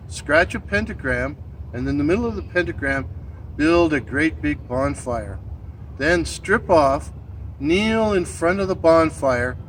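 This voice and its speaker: A man with a head cold and a gravelly voice, hosting and reading weird tales with theatrical asides to his listeners. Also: fairly high pitch, a little hiss or hum. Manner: theatrical, addresses listeners directly. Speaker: storyteller and channel host.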